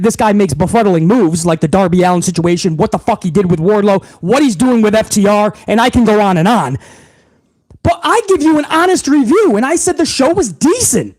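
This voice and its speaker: A man's voice: very high voice, a little mellow. A man hosting a wrestling vlog, ranting in heated, profane commentary.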